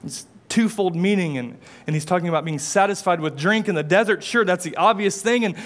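A male pastor with a notably high voice delivers a sermon in church. He talks in a relaxed, conversational way and slips casual asides into his storytelling. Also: a little fast.

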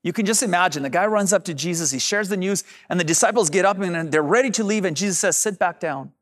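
A man's voice: high-pitched, fast talker, a bit bright. A man preaching a sermon as pastor, addressing the congregation directly and drawing out key phrases for emphasis.

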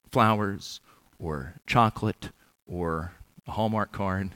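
A man preaching an earnest, measured sermon in church, with touches of gentle humor. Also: on the low side, no echo.

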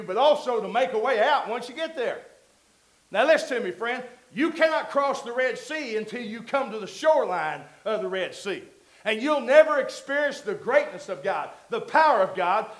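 High-voiced preacher in an echoey hall. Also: male voice. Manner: conversational preaching that builds to loud emphatic peaks. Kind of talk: sermon.

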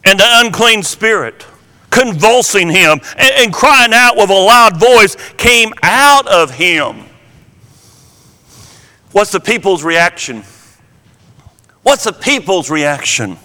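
A man preaching in a slow, deliberate sermon, repeating key words for emphasis. His voice sits high and sounds bright and forceful. A long reverb trails behind him as it carries through the hall. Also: animated. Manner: slow, emphatic Bible teaching with repetitions.

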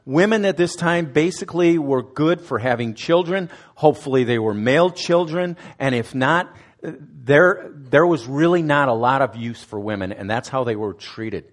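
This man's mid-range voice is expressive, moving at a moderate pace with hardly any pauses. Serving as student ministries director, he preaches conversationally, addressing listeners with direct questions and restarting some words.

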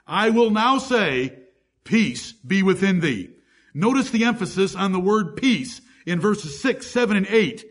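Husky-voiced man preaching a sermon. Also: high-pitched, fairly bright tone. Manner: preaching, reading scripture aloud with emphasis. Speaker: pastor.

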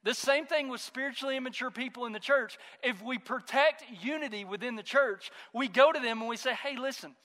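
A man's voice: very high-pitched, fairly quick, hardly any pauses, pushed and bright. A man in his thirties preaching a sermon as a pastor, talking conversationally and weaving in stories about his own family. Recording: long hall reverb.

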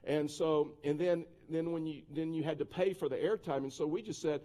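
A male pastor preaching a sermon, telling a personal anecdote in a lively, conversational way with many restarts and asides. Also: a little high, normal speed, few pauses.

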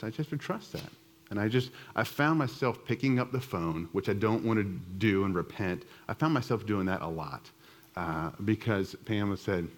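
A middle-aged man with a fairly low voice gives a conversational church teaching, telling a self-deprecating personal story with many restarts.

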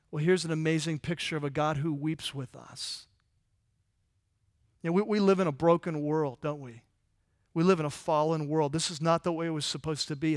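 A man with a high-pitched voice preaching a sermon in a conversational way. He asks his listeners rhetorical questions and turns soft and quiet in tender moments. The recording is dry, with little room sound. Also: dry recording. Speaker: pastor.

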